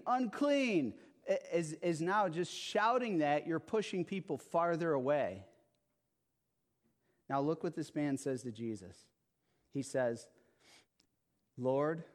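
A male pastor delivers a sermon in a slow, deliberate way, leaning on repetition and emphasis. His voice sits a little higher than most men's. He keeps checking in with the congregation with "okay?" and "right?".

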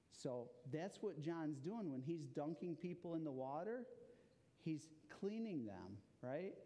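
A man giving an interactive children's sermon in a church, asking the listeners questions as he goes. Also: mid-range voice. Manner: animated, asks the audience questions. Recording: long hall reverb.

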